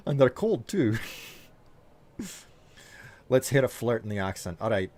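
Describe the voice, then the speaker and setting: A man's voice: mid-range voice, very animated, slow pace, long pauses, darkish tone. A man with a Scottish accent, chatting as a streamer, reading and answering viewer messages with hesitant fillers. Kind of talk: live stream chat while gaming.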